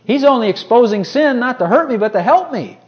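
A male preacher with a high voice delivers a sermon. His pitch climbs and falls constantly. Quiet, chatty asides give way to loud, ringing quotes from scripture. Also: expressive, fairly quick.

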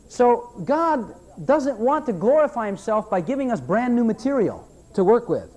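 A man preaching a sermon to his church, animated and repetitive, breaking into mocking voices for his listeners. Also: very high voice, moderate pace, hardly any pauses. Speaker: pastor.

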